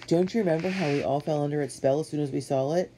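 A woman's voice: deep voice, fast, warm tone, a little hiss or hum, lightly acted. A woman voicing a nervous, clever young boy with glasses. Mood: urgent. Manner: nervous, urgent.

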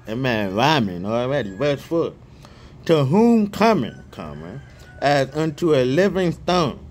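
A man praying fervently and reading scripture aloud outdoors, excitable and stumbling over repeated words, speaking each punctuation mark aloud. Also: mid-range voice. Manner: reads punctuation marks aloud. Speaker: online Bible reader.

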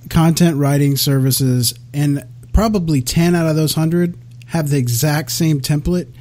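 Lively man in casual chat. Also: fairly high pitch, unhurried. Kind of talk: casual interview talk.

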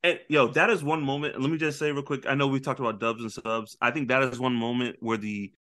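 A man co-hosting a casual pop-culture podcast, retelling anime scenes with lively storytelling and acted-out character lines. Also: mid-range voice, fairly quick. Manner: animated storytelling, acting out characters with big voice jumps. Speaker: podcast co-host.

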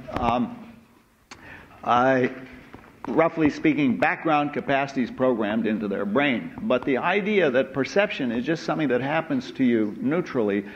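A man giving a university lecture in a hall, unhurried and full of "uh" hesitations and asides. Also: mid-range voice. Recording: dull lo-fi lecture recording with faint noise.

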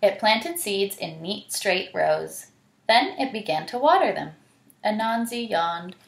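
Teacher lady reading a kids' book, slow and lively, gravelly edge, echoey room. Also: medium pitch. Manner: animated, asks the listener questions. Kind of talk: reading a picture book aloud to children. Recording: roomy echo.

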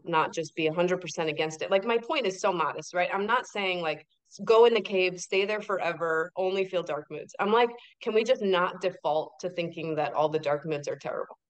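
A woman speaking as a podcast guest and author in casual interview chat, emphatic and animated, often asking rhetorical questions. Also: on the low side, moderate pace, dull audio.

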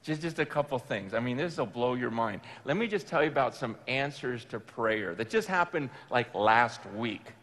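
A man preaching to a room, telling a personal story with animated, emphatic bursts of excitement. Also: medium pitch, moderate pace, few pauses, in a large hall. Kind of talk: storytelling sermon. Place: large room with an audience.

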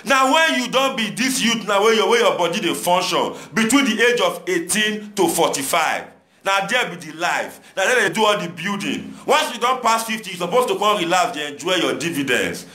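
Young Nigerian man, Pidgin accent, bright tone, exhortative monologue. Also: high voice, lively intonation, normal speed, roomy sound. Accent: Nigerian Pidgin English. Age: young adult. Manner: preachy, exhorting, repetitive rhetoric. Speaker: commentator addressing viewers. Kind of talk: impassioned monologue.

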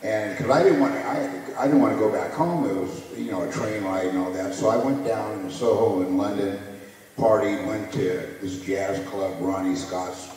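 A man telling a lively story on stage about his racing days, acting out the people in it. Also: on the low side, normal speed, slight background noise. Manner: animated storyteller, acts out quoted voices. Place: museum hall with audience. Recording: echoey hall, distant mic.

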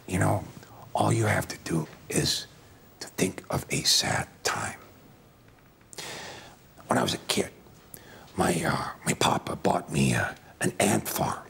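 A gravelly, rambling aging film star. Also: male voice, low voice, fairly bright tone, heavily acted. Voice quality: gravelly, husky, murmuring. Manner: rambling, hesitant, breathy half-whispered asides. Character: parody of a famous aging American film actor, gravelly and self-important. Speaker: celebrity acting teacher in a sketch. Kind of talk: comedy sketch interview.

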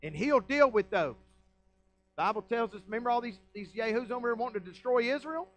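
High-voiced Southern pastor preaching. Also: male voice, animated, brisk, poor audio. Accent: Southern American. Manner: folksy, emphatic preaching with rhetorical questions. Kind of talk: sermon. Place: church sanctuary.

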